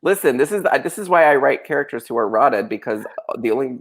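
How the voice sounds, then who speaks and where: A man's voice: medium pitch, quick pace, vocal fry, breathy edge. A young man, a guest author, chatting and joking loosely with many fillers over a video call. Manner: lively, joking, full of fillers. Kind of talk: casual livestream chat.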